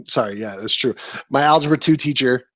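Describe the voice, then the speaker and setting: A man in his twenties co-hosts a casual podcast, ranting through annoyed stories in an exasperated way. He talks briskly in a mid-range voice over crowd noise.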